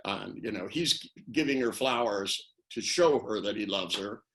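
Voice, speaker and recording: An older man, interviewed as an NLP trainer, chats casually on a webinar video call, rambling through anecdotes and acting out the phrases he quotes. His voice is fairly low, a bit bright, and a little slow.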